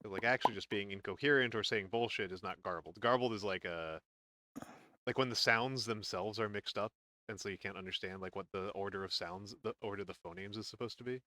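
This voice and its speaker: A man's voice: lowish voice, brisk, pushed and bright, dry recording. A man hosting a casual painting stream, rambling with lots of fillers and restarts. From northern region. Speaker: streamer and host.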